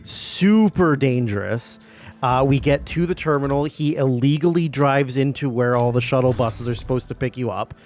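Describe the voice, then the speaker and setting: A man tells a rambling story in a casual, conversational way, leaning on fillers like "like" and "you know." Faint music plays softly behind him. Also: mid-range voice, normal speed. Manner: rambling anecdote with many fillers and acted quotes. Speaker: guest.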